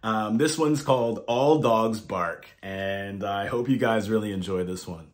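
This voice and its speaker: A man's voice: fairly low pitch, measured pace, hardly any pauses. A man reading a picture book aloud to children, talking to them directly in a friendly way and inviting them to join in. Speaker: children's storyteller.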